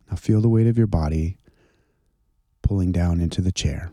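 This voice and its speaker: A man leading a slow, gentle guided contemplative prayer and breathing exercise. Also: low voice, dry recording, clean studio sound. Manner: slow, gentle, soothing guidance.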